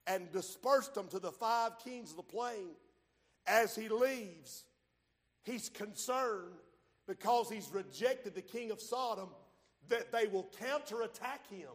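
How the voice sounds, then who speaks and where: A man preaching a sermon, swinging from loud shouts to quiet low asides and drawing key phrases out slowly. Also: lively intonation. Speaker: pastor. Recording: long hall reverb.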